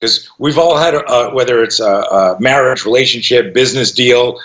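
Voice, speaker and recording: A man's voice: medium pitch, moderate pace, a bit bright, highs cut off. A man in his fifties, a self-defense instructor and podcast guest, tells stories with energy, swears freely and acts out what people said. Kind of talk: animated storytelling.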